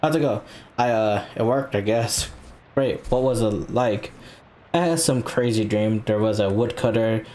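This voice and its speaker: A man hosting a let's play, reading game text aloud in a casual way with quick reactions. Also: on the low side, a little mellow. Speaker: gaming channel host.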